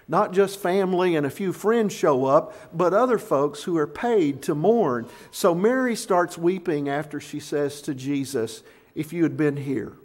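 Man preaching an Easter sermon. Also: a little high. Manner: storytelling preacher, varies loudness for emphasis. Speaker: pastor.

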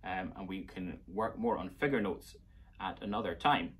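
A man's voice: low-pitched, moderate pace. A man with a Scottish accent teaching a playful children's music lesson, coaxing young listeners along.

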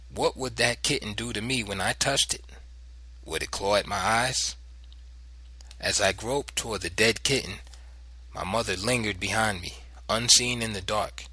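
A man reading a memoir audiobook in measured, literary narration, recorded close and dry. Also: on the low side, bright, forceful tone, breathy edge, no room sound. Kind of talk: scripted narration.

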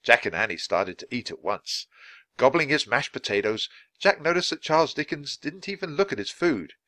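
Expressive man reading a storybook aloud. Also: mid-range voice, moderate pace, dry recording. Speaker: storybook reader. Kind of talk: read-aloud narration for English learners.

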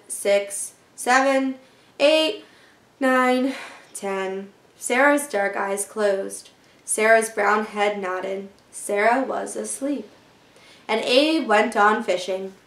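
A woman reading a children's chapter book aloud as a teacher, with gentle storytelling. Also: a little high, roomy sound. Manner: gentle storytelling, voicing characters lightly.

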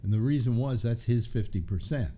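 A man's voice: mid-range voice, brisk. An older man hosting a talk show, rambling through anecdotes in casual chat. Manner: rambling, storytelling, lively.

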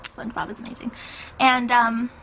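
Young woman vlogger, bright and hyper, rambling chat, slightly high voice. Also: level tone, normal speed, gravelly, slight background noise. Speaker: YouTuber. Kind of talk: casual vlog chat.

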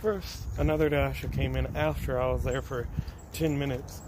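A man's voice: mid-range voice, steady tone, moderate pace. A man who drives food deliveries, chatting and telling stories as he drives, and laughing often. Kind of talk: casual vlog narration. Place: in a car. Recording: car road noise.

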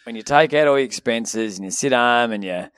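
A man's voice: mid-range voice, a little fast, a bit bright, clean tone, no echo. A young Australian man co-hosting a podcast, teasing his mate and chiming in with jokes. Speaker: podcast co-host. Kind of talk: casual banter.

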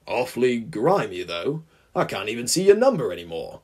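A man voicing a firm, gruff male railway engine driver in a fan audiobook. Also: medium pitch, sing-song, normal speed.

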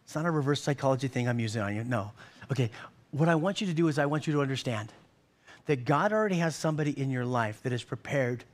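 A man's voice: mid-range voice, animated, quick pace. A man in his fifties preaching a sermon in a church, folksy and joking, often repeating words as he goes. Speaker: pastor.

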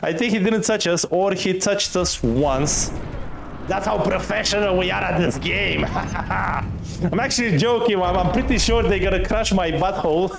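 A man commentating his first play of a game, excitable, laughing often and swearing casually at enemies. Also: sits high, normal speed, gravelly, noisy background. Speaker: gaming streamer.

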